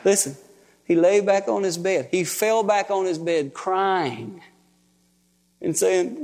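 A man preaching, telling a personal story in a folksy, emotional, animated way. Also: high voice, slow pace, long pauses. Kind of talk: sermon storytelling. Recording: long hall reverb.

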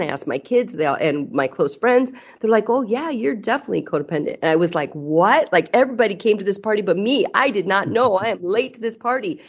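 Middle-aged woman guest, candid and earnest, mid-pitched, slightly dull recording. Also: husky. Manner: earnest, candid, frequent restarts. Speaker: podcast guest. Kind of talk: casual interview chat. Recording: slightly muffled audio.

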